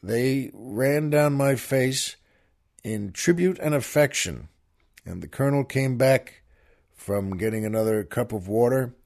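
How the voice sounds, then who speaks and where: A man's voice: mid-range voice, a little slow, vocal fry, darkish tone. A man hosting a show, chatting folksily with listeners and introducing a poem and a film. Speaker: radio show host. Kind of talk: folksy show talk and poetry reading.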